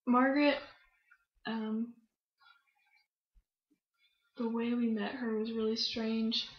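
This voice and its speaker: A woman's voice: on the high side, flat delivery, takes it slowly. A young woman telling a story in a casual interview, chatty and laughing often, with plenty of fillers. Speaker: guest. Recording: roomy, muffled recording.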